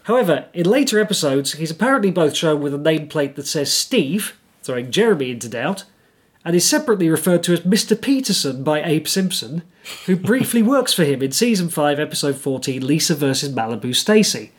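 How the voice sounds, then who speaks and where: A man co-hosting a casual podcast, reading through his notes with dry, wry timing. His voice sits a little high and has a husky edge. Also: sing-song, brisk. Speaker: podcast co-host. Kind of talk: casual chat with scripted segments.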